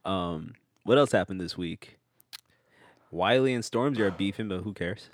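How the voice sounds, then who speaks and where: Male co-host, easygoing banter, low voice, dry sound. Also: dry recording. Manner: laid-back, quick to laugh and tease. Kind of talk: casual comedic chat.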